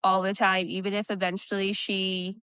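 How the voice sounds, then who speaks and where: A woman's voice: medium pitch, little pitch movement, moderate pace, a bit bright, clean tone, no room sound. Young woman musing in a book chat. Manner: brief agreeing replies and thoughtful musings. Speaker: book podcast co-host. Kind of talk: casual book discussion.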